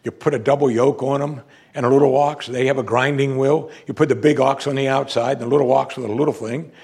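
A middle-aged male pastor preaching a sermon, animated and preacherly, swinging between loud emphasis and low, quiet lines. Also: quick pace, creaky, husky.

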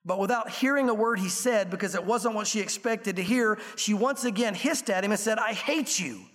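A man preaching a sermon, telling an illustration story earnestly and slowing down for the emotional parts. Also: high-pitched. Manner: earnest storytelling, slows and softens for emotional quotes. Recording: long reverb of a large room.

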